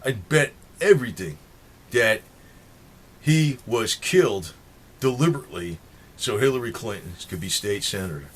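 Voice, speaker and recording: A man's voice: fairly low pitch, sing-song, moderate pace, pauses often, breathy edge. A man with a New Jersey accent rambling in a monologue to his viewers, swearing freely and chuckling between points. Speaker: political vlogger.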